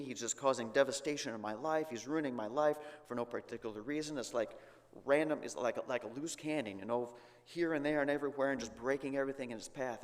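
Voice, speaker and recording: Man teaching bible class, casual restarts, mid pitch, long reverb. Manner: conversational, with many restarts and rhetorical questions. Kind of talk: Bible lesson. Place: church.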